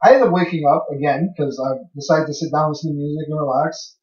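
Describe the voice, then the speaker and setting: A man's voice: on the high side, quick pace, darkish tone. Man, young adult, rambling casual storyteller, swears a lot, roomy echo, far-off mic. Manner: rambling, swears freely, acts out his own past lines. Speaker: podcast co-host. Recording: echoey room, far from mic, dull lo-fi.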